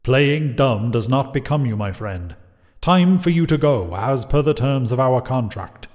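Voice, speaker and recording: Smooth mocking devil guy, a man putting him on, melodious, polished storybook villain. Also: medium pitch, lively intonation, a little slow, a little mellow, in a large hall, natural voice. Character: suave, menacing Satan, adult male.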